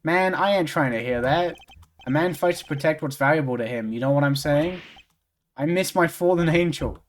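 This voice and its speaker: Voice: mid-range voice, normal speed, slight background noise, natural voice. A streamer voicing a swaggering young male heir who talks in gangster slang. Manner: slangy street talk, drawled.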